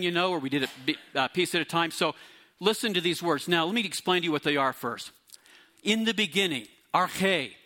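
Bright-voiced man preaching a sermon. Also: fairly high pitch. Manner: teaching, explains Greek words, lively emphasis. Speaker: pastor.

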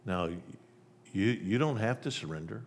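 A male preacher giving an emphatic sermon, telling a parable and shifting between loud and soft delivery. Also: on the low side, lively intonation, normal speed, long reverb tail, slight background noise.

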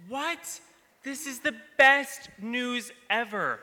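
A man plays an excitable astronaut who bursts out with enthusiasm. His voice is high and very bright. A large hall rings around him. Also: slow, heavily acted. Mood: enthusiastic. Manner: enthusiastic, exclamatory. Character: eager male astronaut, excitable. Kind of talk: live church camp skit. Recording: reverberant hall.

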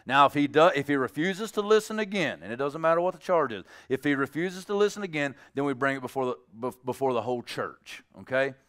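A man preaching a sermon in a church, conversational and animated, acting out little dialogues with the congregation. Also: mid-range voice, fast talker, hardly any pauses. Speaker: pastor.

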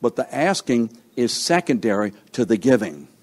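A man's voice: medium pitch, sing-song, moderate pace. Emphatic man preaching a sermon. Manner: call-and-response questions to the congregation; emphatic, swings from loud to hushed.

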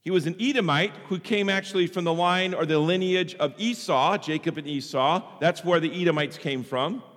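A man's voice: fairly high pitch, normal speed, few pauses. Preaching man in a reverberant hall. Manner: animated preaching, acts out quoted voices. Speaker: pastor. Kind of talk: sermon.

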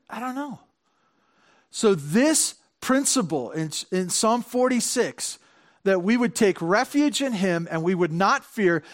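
A man with a high voice delivers a chatty sermon. He restarts and repeats phrases, pushing some questions out loudly and dropping to quiet asides. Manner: conversational, repeats words and restarts, swings between loud questions and soft asides. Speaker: pastor.

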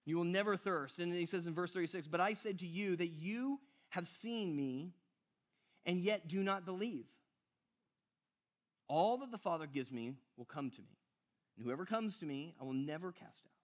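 A man's voice: sits high, expressive, moderate pace. A man preaching a sermon in a casual, conversational way, often asking "right?" and calling the listeners "you guys". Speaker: pastor.

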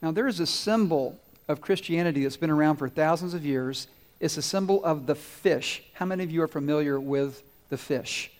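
A man giving a children's sermon, asking the kids questions and telling stories, growing loud at the climaxes. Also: on the high side, normal speed. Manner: asks the kids questions and waits for answers; animated storyteller, swells loud on climaxes. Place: church sanctuary. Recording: long hall reverb.

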